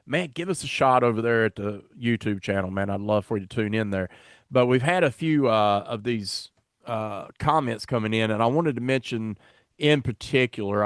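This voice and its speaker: A man's voice: on the low side, smooth, dry recording, studio quality. A man hosting a podcast in casual chat, rambling and self-deprecating as he fumbles along. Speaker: podcast host.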